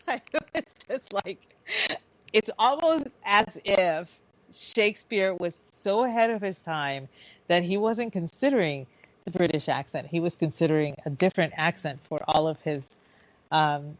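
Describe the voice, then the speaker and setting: A woman's voice: lowish voice, dry recording, poor audio. A woman co-hosting a radio talk show, chatting casually with frequent restarts and easy laughter. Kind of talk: casual chat.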